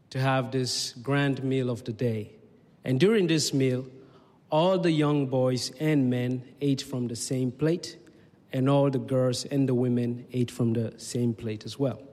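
A man from Leone, telling stories in a talk in measured, unhurried short phrases. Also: mid-range voice, a little mellow. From Sierra Leone. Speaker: speaker. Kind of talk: storytelling talk. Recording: long hall reverb.

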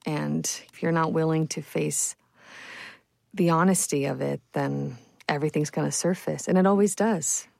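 A woman's voice: sits low, fairly even intonation, normal speed, creaky, darkish tone, no echo. A woman stage actor as an interview guest, speaking earnestly and reflectively in a casual way. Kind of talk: interview conversation.

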